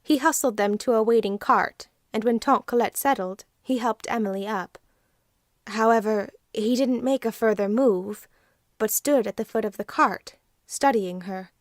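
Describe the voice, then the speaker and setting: A woman narrating an audiobook in a measured, unhurried reading. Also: on the high side, no room sound, studio quality. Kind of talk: scripted narration.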